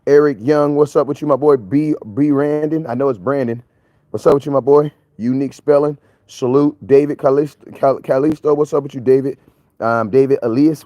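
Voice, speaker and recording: A grown man hosting a casual live stream on a morning walk outdoors, energetic and full of slang, greeting viewers by name. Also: a little high, no echo, poor audio.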